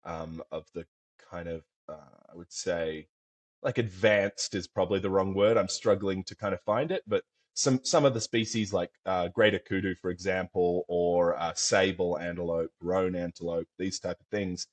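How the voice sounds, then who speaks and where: A man's voice: sits low, fairly even intonation, normal speed. A man from Australia with an Australian accent, a professional hunter talking in a thoughtful, rambling way, full of fillers, as a podcast guest. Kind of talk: casual conversation.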